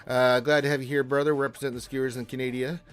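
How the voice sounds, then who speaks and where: A man hosting a casual gaming livestream, greeting viewers by name and answering chat questions in a jokey, animated way. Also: mid-range voice, very fast, clear, resonant tone. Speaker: livestream host reading chat.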